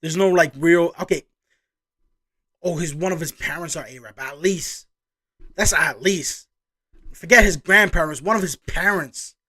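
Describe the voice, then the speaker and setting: High-voiced man rambling through a reaction video. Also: unhurried, long pauses, pushed and bright. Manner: rambling, chatty, exclaiming reactions. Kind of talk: casual reaction commentary.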